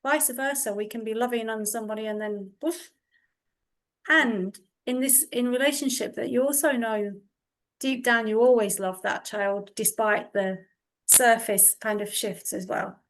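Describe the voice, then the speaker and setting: A woman with a fairly high voice speaks in a conversational interview. She is thoughtful and halting, often repeating words while she searches for what to say. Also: steady tone.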